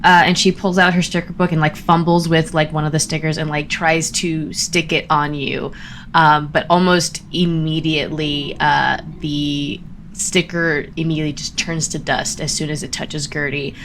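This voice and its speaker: A woman's voice: sits low, little pitch movement, moderate pace, a bit bright, a little hiss or hum. A woman describing her character's actions in a tabletop game, hesitant and full of fillers. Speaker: player.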